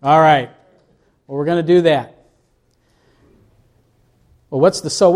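A man's voice: on the high side, fairly even intonation, slow, pauses often. A male pastor preaching a sermon, full of rhetorical questions and acted-out quotes.

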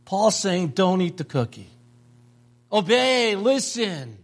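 A man's voice: high voice, slow. An older man preaching a sermon, telling stories and repeating phrases for emphasis. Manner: animated storytelling with emphatic repetition. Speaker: pastor.

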